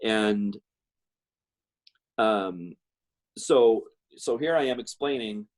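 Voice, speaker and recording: A man's voice: lowish voice, slow. A middle-aged man telling a personal story in a rambling way, with many fillers and restarts. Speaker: guest speaker.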